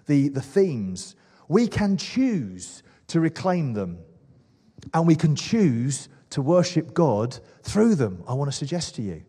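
A man's voice: on the high side, mellow, husky, long reverb tail. A man preaching a sermon with enthusiasm, asking the congregation questions. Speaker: pastor.

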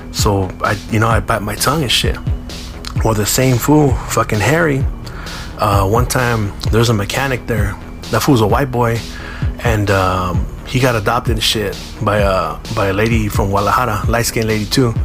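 Profane storyteller over music. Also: male voice, on the low side. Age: 40s. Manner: profane, streetwise slang, acts out quoted voices. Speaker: podcast host. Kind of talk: casual storytelling monologue. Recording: clear music bed behind the voice.

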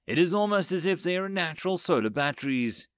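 A man's voice: on the high side, animated, a little fast, clean tone, no echo, pitched above the performer's own voice, natural voice. Musing machine fond of humans, male narrator's put-on voice, dry close read. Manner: hesitant, musing.

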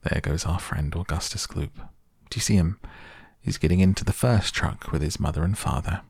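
Eccentric cheerful chocolate maker voiced by a man, gravelly, dry close sound, breezy. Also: low voice, moderate pace, darkish tone, no echo, exaggerated voice.

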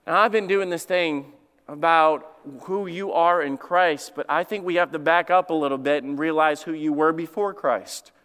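A middle-aged man preaching a storytelling sermon as lead pastor in a church, animated and poking fun at himself. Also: a little high, normal speed, clean tone. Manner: animated, self-mocking humor. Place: church sanctuary. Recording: long hall reverb.

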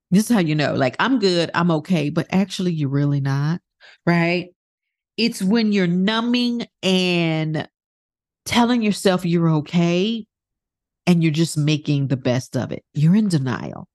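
A woman's voice: lowish voice, a little mellow, dry recording, studio quality. A woman hosting a self-help podcast, talking candidly and swearing freely as she acts out inner thoughts. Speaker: podcast host and coach. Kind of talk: casual motivational monologue.

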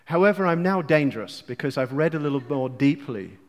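In a large hall, a man from England preaches with passion, a little high in pitch, expressive, and brisk. He moves from quiet lines to loud outbursts and makes playful asides to the congregation.

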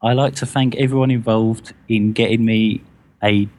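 A man co-hosting a gaming podcast, reading a listener email aloud in a halting, self-conscious way with frequent stumbles. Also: lowish voice, fairly even intonation, a little mellow. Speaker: podcast co-host.

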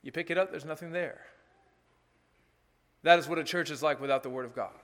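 A man's voice: a little high, fairly quick, fairly bright tone. A man preaching an earnest, emphatic sermon as pastor, with asides to the congregation.

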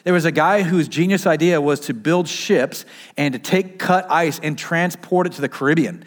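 His voice on the high side and his pace moderate, a man preaches as a pastor while wearing a mask that muffles the sound. He talks conversationally, asking the congregation questions and supplying the answers himself.

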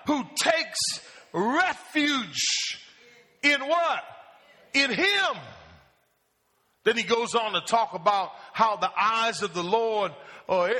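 A man's voice: very high voice, pushed and bright, in a large hall. A man preaching a call-and-response sermon in a church, asking the congregation questions and calling for answers. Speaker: pastor. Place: church sanctuary.

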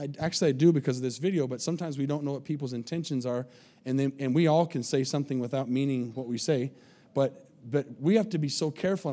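A man's voice: on the high side, dark tone. A man preaching a sermon as pastor, earnest and pleading, often repeating words as he restarts his sentences.

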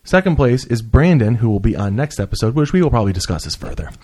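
A man's voice: mid-range voice, sing-song, fast talker, a little mellow. Profane, teasing podcast host man. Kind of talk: casual comedic podcast chat.

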